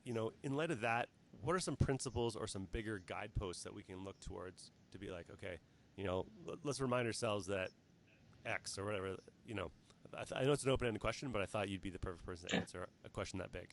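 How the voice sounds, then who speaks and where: A Canadian man hosting a casual livestream interview, talking in quick, rambling, earnest bursts. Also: lowish voice, slight background noise. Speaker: host.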